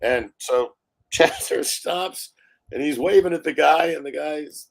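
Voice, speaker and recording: A man's voice: fairly high pitch, takes it slowly, creaky, slight background noise. A man, a film director, telling stories in a live interview, acting out quotes and laughing often. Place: live online stream.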